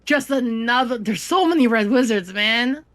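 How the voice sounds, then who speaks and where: A woman playing in a tabletop game, blunt, teasing and quick-witted. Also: a little high, a bit bright. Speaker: player. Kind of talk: casual chat at a tabletop game.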